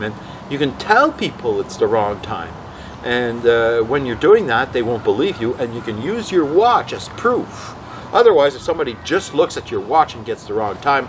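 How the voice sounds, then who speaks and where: Rambling, lively male storyteller. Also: medium pitch, noisy background. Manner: rambling, animated, quotes others in voices. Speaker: vlog host. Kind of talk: casual anecdotal storytelling.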